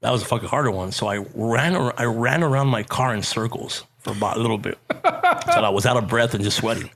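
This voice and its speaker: A man with a Chicano English accent telling stories in a casual chat, animated, swearing and laughing. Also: medium pitch, fairly quick, vocal fry, slight background noise. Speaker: podcast guest, actor and comedian.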